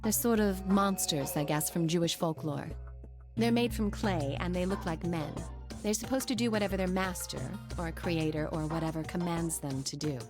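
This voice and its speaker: An actress playing a haughty, sharp-tongued young woman in a video game. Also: lowish voice, moderate pace, natural voice. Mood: cool. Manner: haughty, cool. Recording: game audio under music.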